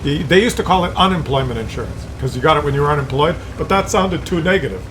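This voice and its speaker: A man's voice: a little high, fast, background noise. A man from Canada rambling and chuckling through a story while commenting on a game replay. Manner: rambling, chuckling, mock voices for others. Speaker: gameplay commentator. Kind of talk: casual storytelling over gameplay.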